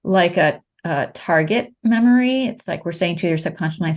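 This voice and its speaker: A woman hosting a podcast, explaining her method to a guest in a calm, coaching way. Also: lowish voice, normal speed. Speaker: host, practitioner of the method.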